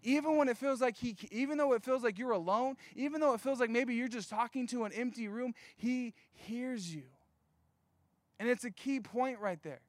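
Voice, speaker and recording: A young man giving a casual sermon, reading scripture and telling jokey stories, slowing down to stress key points. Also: very high voice, dry recording. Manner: conversational, jokey asides, slows down for emphasis.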